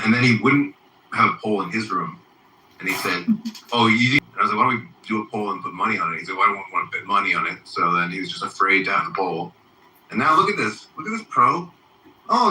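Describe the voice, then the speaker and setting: A man's voice: low voice, sharp tone, roomy sound, recorded from a distance, a little hiss or hum, rough recording. A man hosting an online voice chat room, teasing and mocking others in casual banter.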